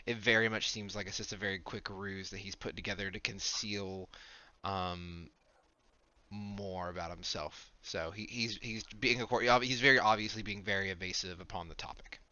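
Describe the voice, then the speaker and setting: Calm low-voiced game master. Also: male voice, normal speed, highs cut off. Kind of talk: narrating a tabletop game.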